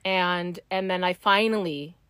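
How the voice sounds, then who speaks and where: A woman chatting casually, telling stories with many fillers and putting on animated voices for the people she quotes. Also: lowish voice, measured pace, smooth, dry recording, clean studio sound. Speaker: client sharing stories. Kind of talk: casual chat.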